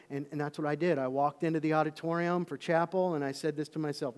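A man preaching a sermon, telling stories with lively swings between loud calls and hushed asides. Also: a little high, fast talker, few pauses. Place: church auditorium. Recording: long reverb of a large hall.

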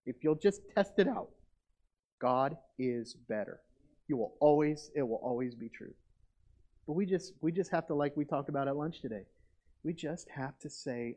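A man preaching a sermon as pastor, earnest and conversational, with animated asides. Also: medium pitch, a little fast. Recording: dull lo-fi recording.

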